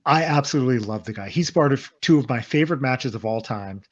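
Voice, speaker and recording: Male podcast host, easygoing and agreeable, mid pitch, dull lo-fi mic. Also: animated, fast talker. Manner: agreeable, frequent backchannel, casual swearing. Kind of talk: casual podcast interview.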